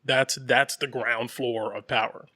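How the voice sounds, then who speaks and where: A man's voice: medium pitch, a little slow, no room sound, clean studio sound. A man co-hosting a podcast in casual chat, rambling with lots of fillers and repeats and laughing as he talks. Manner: animated, laughs while talking. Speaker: podcast co-host.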